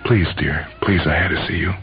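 A man reading aloud, voicing a gentle, quietly stubborn young wife in a soft, pleading tone over a dull, lo-fi radio recording. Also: a bass voice, steady tone, moderate pace, soft background music.

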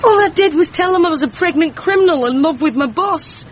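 A woman's voice: very high-pitched, lively intonation, brisk, slight background noise. A woman playing a sulky, self-pitying young woman who is secretly a vampire, on a dull lo-fi recording. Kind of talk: radio comedy acting.

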